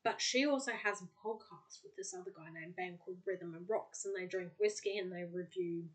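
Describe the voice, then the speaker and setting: A woman's voice: lowish voice, moderate pace. A woman hosting a podcast, chatting casually and bubbly, with lots of filler words. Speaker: podcast host.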